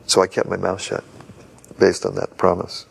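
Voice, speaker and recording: A man's voice: low-pitched, monotone, moderate pace, gravelly, breathy edge. An older man in an interview, earnestly telling a story from memory. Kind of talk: reminiscing interview.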